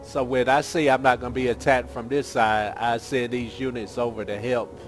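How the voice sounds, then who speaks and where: A man's voice: mid-range voice, little pitch movement, moderate pace. A man giving casual, rambling gameplay commentary as a gaming channel host, thinking aloud as he plays. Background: game music.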